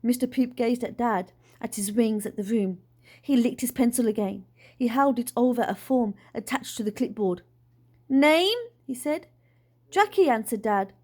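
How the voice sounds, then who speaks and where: A woman reading a children's storybook aloud in an expressive, unhurried way. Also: a little high. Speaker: storybook reader. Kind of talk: children's book read-aloud.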